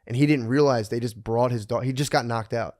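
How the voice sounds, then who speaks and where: A man in his thirties co-hosting a podcast, telling excitable, crude stories full of swearing. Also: medium pitch, brisk. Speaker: podcast co-host. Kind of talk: casual chat.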